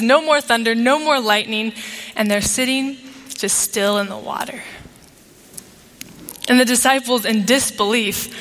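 A woman's voice: fairly high pitch, fairly bright tone. A woman pastor preaching a sermon to her congregation, engaging them with questions. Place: church sanctuary. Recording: long reverb of a large sanctuary.

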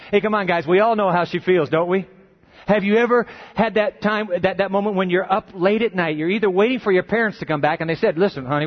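A man preaching a sermon in a lively, conversational way, often asking his listeners questions. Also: fairly high pitch. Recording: dull muffled recording.

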